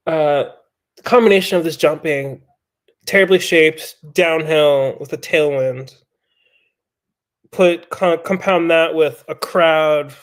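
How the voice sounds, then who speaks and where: A man on a podcast telling a story in a casual, profane, animated way. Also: a little high, normal speed. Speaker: podcast guest.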